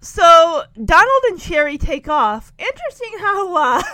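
A woman's voice: very high voice, very animated, unhurried, bright, forceful tone, no room sound, low-quality recording. A woman casually commenting as she follows a story, chatty and giggly. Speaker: vlogger.

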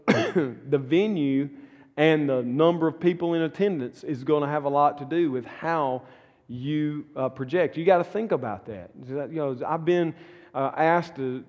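A man's voice: fairly high pitch, a little mellow. A middle-aged man with a Southern US accent, a pastor teaching a church class in a folksy, earnest way that repeats words and restarts. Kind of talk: conversational teaching talk. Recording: long reverberant room echo.

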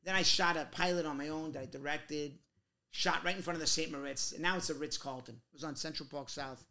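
A middle-aged man from Queens, telling animated stories in a casual interview and acting out other people's voices. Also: a little high, fairly quick. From Queens, New York. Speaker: guest actor.

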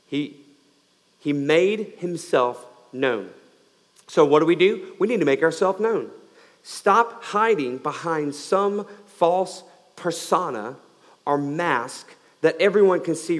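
A man's voice: fairly high pitch, big-room sound. Man preaching with dramatic swings. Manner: dynamic preaching, swinging between loud emphasis and quiet, slowed lines. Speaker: pastor. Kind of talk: sermon.

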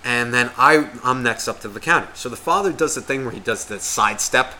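A man's voice: mid-range voice, a little fast, slight background noise. Foul-mouthed man telling a story. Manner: heavy swearing, rambling, animated retelling with acted quotes. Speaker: podcast co-host. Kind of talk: casual storytelling chat.

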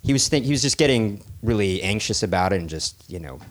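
A man's voice: lowish voice, expressive, fast. A man co-hosting a casual podcast, telling a long rambling anecdote and chuckling between phrases. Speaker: podcast co-host. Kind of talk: casual chat, storytelling.

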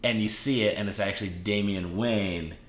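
Dude chatting comics, laughs a lot, roomy echo on the mic. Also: male voice, lowish voice, normal speed. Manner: enthusiastic, laughing, quoting characters with "like". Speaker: podcast co-host. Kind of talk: casual comic book chat.

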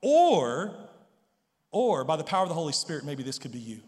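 A man's voice: a little high, sing-song, fairly quick, a little mellow, in a large hall. A pastor preaching an earnest sermon in a church, often repeating words as he starts a thought. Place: church sanctuary.

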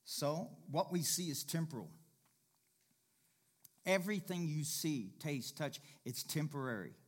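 A man's voice: fairly high pitch, expressive, unhurried. A man pastor preaching a sermon, folksy and conversational, repeating key lines and building to emphatic, rising bursts. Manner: folksy, jokes with the congregation and laughs.

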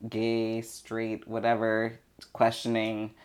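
A man's voice: lowish voice, monotone, takes it slowly. A man in casual chat, mostly giving short dry reactions and questions.

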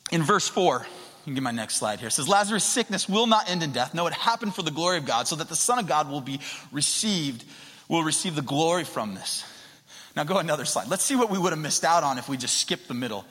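A man preaching a sermon into a handheld mic, conversational and swinging from quiet to loud. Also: on the high side, expressive, fast talker. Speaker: pastor. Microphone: handheld microphone. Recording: long hall reverb.

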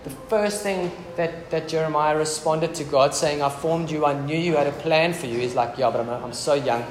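A man's voice: a little high, normal speed. A man preaching a casual, joking sermon in a church hall. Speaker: pastor. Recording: echoey church hall with background noise.

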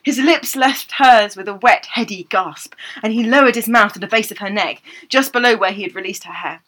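A woman's voice: mid-range voice, fairly quick, a bit bright. A woman on a comedy podcast reading a romance novel aloud in a theatrical way, breaking off to laugh and mock the prose.

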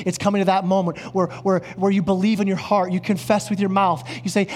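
A male pastor preaching an earnest sermon, dropping lower and slower on key words. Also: flat delivery, darkish tone, a little hiss or hum. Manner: earnest, drops low and slow on key words. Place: church.

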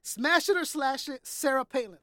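High-voiced teasing woman host. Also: moderate pace, background noise. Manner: laughing, teasing, slangy. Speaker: podcast host. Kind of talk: casual interview chat.

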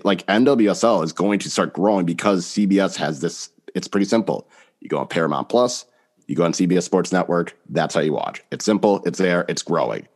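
A man with a blunt, casual manner, swearing freely while chatting about soccer on a podcast. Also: low voice. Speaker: podcast panelist.

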